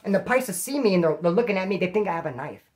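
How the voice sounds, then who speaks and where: A middle-aged man talks quickly and loosely, spilling prison stories with plenty of swearing and jokes at his own expense. He speaks straight to his viewers in a rambling, casual monologue. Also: high voice, expressive, darkish tone. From California. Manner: profane, rambling, self-mocking, talks to viewers directly. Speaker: YouTube host telling prison stories.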